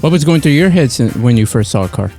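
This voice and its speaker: A man co-hosting a podcast, chatting casually and telling a story with lively acted-out parts. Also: mid-range voice, fast, faint music behind. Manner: animated storyteller, acts out bits. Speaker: podcast co-host.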